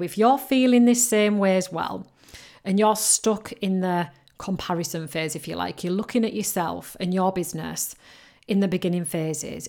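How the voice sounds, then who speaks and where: A woman hosting a solo podcast, talking candidly and encouragingly about her early mistakes as a coach. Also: medium pitch. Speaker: business coach podcast host.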